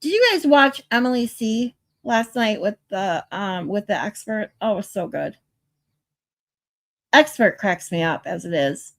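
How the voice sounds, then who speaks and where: Tired woman rambling on her livestream, chatting w viewers, medium pitched voice. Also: animated, unhurried, vocal fry, fairly bright tone, no echo. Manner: chatty, rambling, reads viewer comments aloud. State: sleep deprived. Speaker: livestream host. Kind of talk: casual chat with live viewers.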